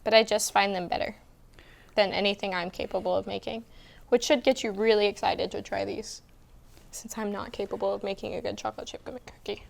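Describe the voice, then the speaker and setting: A woman's voice: mid-range voice, level tone, a little fast, creaky. A young woman co-hosting a casual student cooking show, explaining each step and teasing her partner. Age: young adult. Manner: bossy, teasing, explains steps.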